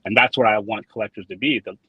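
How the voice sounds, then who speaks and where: Husky low-voiced man telling stories. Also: fairly even intonation, quick pace, no room sound. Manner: rambling, repeats words, tells anecdotes with quoted dialogue. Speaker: trading card designer, guest. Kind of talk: casual interview storytelling. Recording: dull lo-fi sound, dry.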